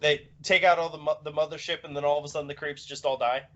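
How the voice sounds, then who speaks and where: A man's voice: a little high, steady tone, fast talker, fairly bright tone. Rambling man, dull lo-fi audio. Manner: rambling, many fillers and restarts. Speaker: podcast co-host. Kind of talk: casual chat.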